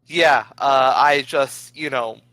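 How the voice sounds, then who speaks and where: Slow-talking bright-voiced male player. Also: medium pitch, dry recording, poor audio. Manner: laid-back, hesitant, many fillers. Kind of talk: casual tabletop play.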